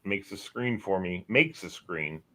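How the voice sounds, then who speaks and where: Man, 50s, lively joker, bright, bouncy delivery for casual banter. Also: sits low, unhurried. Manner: jokey, animated, slips into playful character voices.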